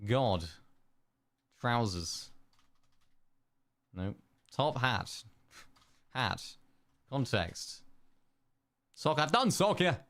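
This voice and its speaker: A man's voice: mid-range voice, very animated, very slow, long pauses, a bit bright, dry recording. A young man streaming live, muttering one-word guesses to chat, keyboard clicks behind. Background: keyboard clicks and typing.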